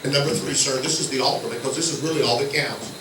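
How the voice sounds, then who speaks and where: An older man with a Southern American accent preaching a sermon, telling folksy stories that swing from hushed low tones to loud shouts. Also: very fast, noisy background. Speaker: guest preacher. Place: church sanctuary. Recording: echoey church from far off.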